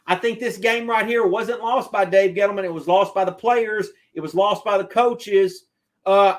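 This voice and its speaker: On a live stream, a sports streamer with a strikingly high-pitched voice gives his football opinions. He addresses his chat directly, arguing his points aloud and repeating them for emphasis.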